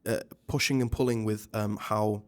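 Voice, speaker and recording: A man, a stage actor, talking as a guest in a casual interview, animated and chatty with many restarts. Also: on the low side, normal speed.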